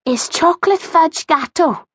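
A woman's voice: very high voice, unhurried, fairly bright tone, no room sound, voice pushed up. A woman voicing a plump, jolly, chatty grandmother in a children's audiobook. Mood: cheerful. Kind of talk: audiobook character voice.

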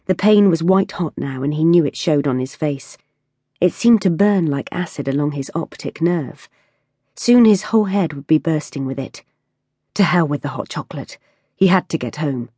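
A woman reads a novel aloud with low, husky tone and measured pacing. The sound is dry and close, with no room around it. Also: dark tone, no room sound. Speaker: audiobook narrator. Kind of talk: scripted narration.

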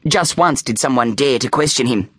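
A man reading a children's audiobook aloud with playful, animated storytelling on a close studio mic. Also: medium pitch, moderate pace, husky, dry recording. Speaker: audiobook narrator.

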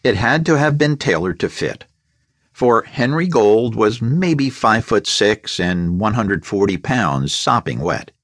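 A male audiobook narrator reads at an unhurried, deliberate pace, his mid-pitched voice moving a lot in measured, expressive storytelling. The studio recording is close and dry, without any room sound.

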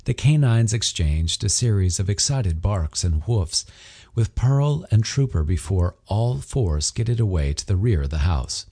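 Deep, husky male audiobook narrator. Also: measured pace. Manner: expressive storytelling. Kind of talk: scripted narration.

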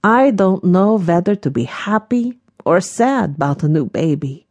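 A woman's voice: fairly low pitch, animated, a little slow, darkish tone, no echo, dull audio. A woman narrator voicing a practical, uneasy young farm woman who speaks her doubts aloud. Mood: torn.

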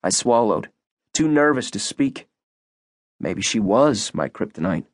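Male audiobook narrator, first person, expressive and measured, dry close studio sound. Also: lowish voice, no echo.

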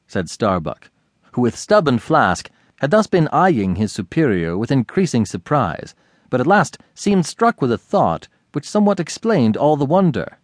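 A man's voice: lowish voice, expressive, moderate pace, dry recording, studio quality. A man narrating an unabridged classic novel as an audiobook reader. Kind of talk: scripted narration.

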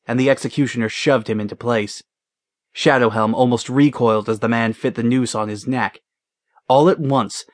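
A man narrating a fantasy audiobook in an even, measured way, close to a studio mic. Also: medium pitch, no room sound.

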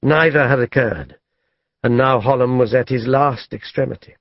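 A man reading an audiobook as narrator in a measured, even storytelling manner. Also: medium pitch, dry recording. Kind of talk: scripted narration. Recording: dull lo-fi dry studio audio.

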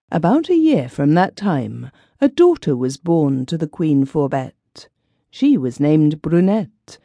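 A woman narrating a children's fairy tale audiobook with clear, expressive storytelling. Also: fairly low pitch, no echo.

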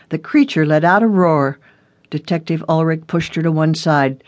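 An audiobook narrator giving a steady, scripted reading of a short suspense story. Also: medium pitch, no room sound.

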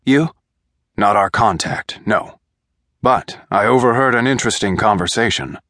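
A man voicing a disguised gray-haired peddler in an audiobook, whining as he hawks and low when alone. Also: moderate pace, a bit bright, no echo, clean studio sound, close to an everyday voice. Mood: grim. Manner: whining as a hawker, then low and grim. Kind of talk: audiobook character voice.

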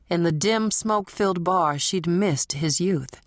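Woman narrator, unhurried and dramatic, low-set voice, dry close sound. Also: no echo. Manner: measured, dramatic, sensual. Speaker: audiobook narrator. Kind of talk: scripted narration.

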